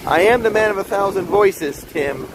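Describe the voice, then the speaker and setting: A man's voice: high voice, expressive, normal speed. A man live-streaming a stroll outdoors in a theme park, chatting in a rambling way straight to his viewers beside a fountain. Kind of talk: casual live-stream chat. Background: wind and splashing water.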